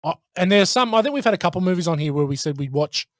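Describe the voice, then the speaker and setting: A man hosting a casual film podcast, animated and quick to laugh. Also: high voice, no room sound, studio quality. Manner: animated, laughs often, acts out movie quotes. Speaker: podcast host.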